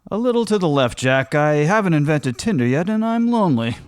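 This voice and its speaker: A man's voice: a little high, big pitch swings, fairly quick, clean tone, no echo, clean studio sound. A man playing a snarky, bored devil with a sarcastic, wry delivery.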